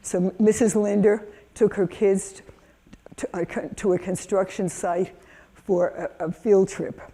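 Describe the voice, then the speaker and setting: An older woman from the United States giving a lively keynote talk, telling stories and acting out children's voices. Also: mid-range voice, unhurried. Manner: animated storytelling, acts out kids' voices. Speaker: keynote speaker.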